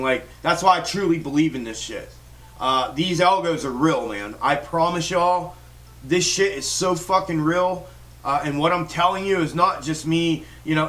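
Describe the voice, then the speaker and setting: A man's voice: a little high, a bit bright, distant mic. A man hosting a stock trading livestream, ranting in a fired-up, profane way with lots of restarts. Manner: fired-up, swears constantly, rambling restarts. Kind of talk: profane live-stream rant.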